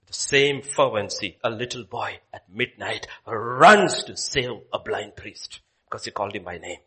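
A man preaching a sermon, swinging from loud declaiming to hushed whispers. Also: on the low side, animated, unhurried, hardly any pauses, breathy edge.

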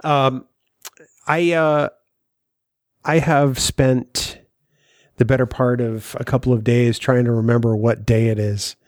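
A man's voice: medium pitch, fairly even intonation, slow pace, pauses often, no echo. A man hosting a podcast, reading the outro and teasing his co-host in a dry way. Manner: dry, teasing, some hesitant fillers. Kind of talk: casual podcast banter and show outro.

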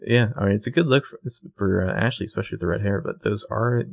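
A man with a low, gravelly voice trades casual recap chat with a co-host. He is dry and opinionated, and slips into quick voices for the characters as he retells scenes. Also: no echo. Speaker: podcast co-host.

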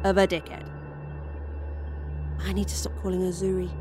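A woman's voice: lowish voice, monotone, unhurried, long pauses, background noise. A woman reading a first-person sci-fi horror story aloud as storyteller, in a wry, dry tone. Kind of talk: scripted horror story narration.

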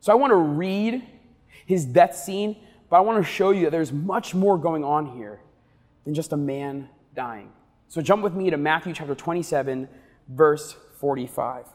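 A pastor delivers a sermon in an emphatic style, dropping his pace to land key words. His voice sits high for a man. The sound carries the long reverb of a large church sanctuary. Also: animated. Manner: emphatic preaching, slows down to stress key words.

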